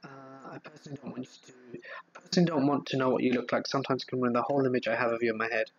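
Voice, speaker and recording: A man with a Southeast English accent chats casually on a live stream, reading out viewer comments and answering each one in an easygoing, rambling way. His voice sits at an ordinary middle pitch. The audio is dull and lo-fi. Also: very fast. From England. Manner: relaxed, rambling, reads viewer comments aloud and answers them with fillers.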